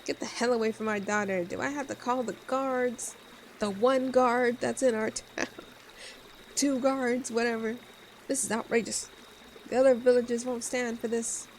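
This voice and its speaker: A woman voicing an angry, controlling village parent in a visual novel, indignant and loud. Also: on the high side, steady tone, normal speed, a little hiss or hum, natural voice.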